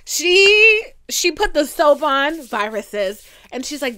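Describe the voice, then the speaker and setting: On her solo comedy podcast, a young woman tells stories in a sassy, profane, dramatic style, swinging from loud exclamations to hushed whispers. Her voice sits high with lively intonation, and she speaks slowly.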